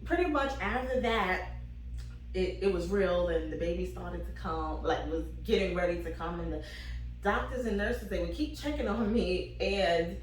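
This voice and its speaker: A young woman with a lowish voice casually tells a comic story at normal speed, laughing and acting out the voices of the people she quotes. She sounds animated, and she was recorded from a distance in an echoey room with a little hiss or hum.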